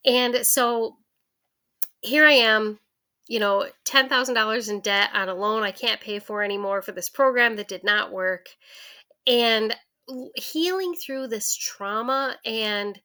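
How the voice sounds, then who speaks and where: A woman in her forties telling her personal money story to camera in a candid, lively way, acting out the voices of her family. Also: a little high. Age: 40s. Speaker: vlogger.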